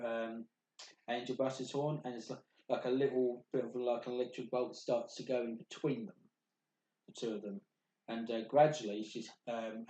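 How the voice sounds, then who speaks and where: A man narrating a tabletop game as game master, halting with many ums and restarts. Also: medium pitch, dark tone. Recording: echoey room.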